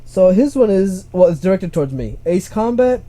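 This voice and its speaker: A young man hosting a casual podcast chat, animated, laughing often and stumbling over his words. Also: sits high, normal speed. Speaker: podcast host. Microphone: home microphone, uneven volume.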